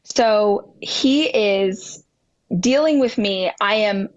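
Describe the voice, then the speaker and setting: A woman guest on a podcast telling a personal story with animated delivery, acting out dialogue with big jumps in pitch. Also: drawn-out words, muffled recording. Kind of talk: candid storytelling in a podcast interview.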